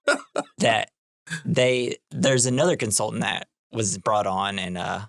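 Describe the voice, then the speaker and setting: A man's voice: lowish voice, a little slow, creaky, a bit bright, dry recording, clean studio sound. A young man co-hosting a podcast, casually recapping a film in a rambling way, full of fillers and acted-out quotes. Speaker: podcast co-host.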